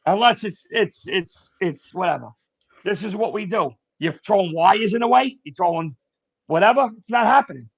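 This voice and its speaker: A man's voice: high voice, moderate pace, creaky, no room sound. A middle-aged man, a retired firefighter telling stories bluntly and profanely as a podcast guest. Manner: blunt, profane, animated storyteller. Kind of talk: casual storytelling. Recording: dull, dry lo-fi sound.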